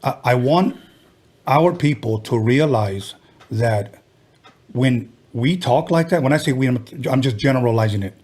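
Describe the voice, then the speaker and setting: A man's voice: mid-range voice, expressive, a little slow, a little mellow, slightly rough. A man hosting a podcast, talking bluntly and animatedly in casual chat, swearing freely. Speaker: podcast host.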